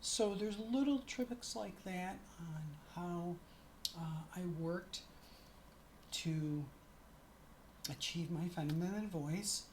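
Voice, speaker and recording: Low-voiced, unhurried woman vlogging. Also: a little mellow, a little hiss or hum. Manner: chatty, often corrects herself mid-sentence. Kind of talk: casual talking-to-camera vlog.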